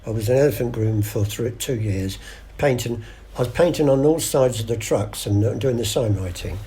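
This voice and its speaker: A man's voice: mid-range voice, normal speed, dark tone. Older man spinning yarns. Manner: chatty yarn-spinner acting out voices, many restarts. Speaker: guest storyteller. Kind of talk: casual anecdotal interview.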